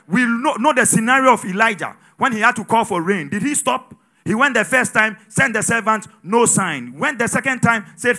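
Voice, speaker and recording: Man preaching a sermon, swoopy animated delivery, big loud bits then hushed asides. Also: normal speed. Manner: call-and-response preaching, swings from loud exhortation to low asides. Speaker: pastor.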